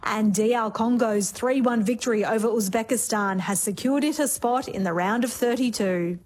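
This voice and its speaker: A woman reads a scripted sports report. Her voice is fairly high. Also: moderate pace, darkish tone.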